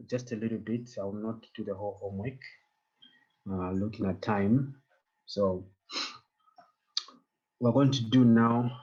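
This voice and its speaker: Slow-talking man teaching a German class. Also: mid-range voice, darkish tone, highs cut off. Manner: patient, joking, mixes German into English. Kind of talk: online language class.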